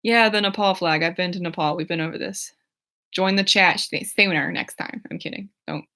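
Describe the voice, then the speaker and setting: A woman's voice: lowish voice, moderate pace, bright, forceful tone. A young woman in her twenties chatting casually on a livestream at home, rambling with lots of fillers and giggles as she answers her chat. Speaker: YouTuber reading chat on a livestream.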